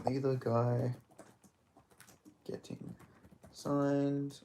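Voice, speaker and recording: Over slight background noise, a young man hosts a live fight stream in a dark, gravelly, creaky voice of middling pitch. His tone stays level and he draws out his words while casually reacting to strikes, reading chat aloud and swearing freely.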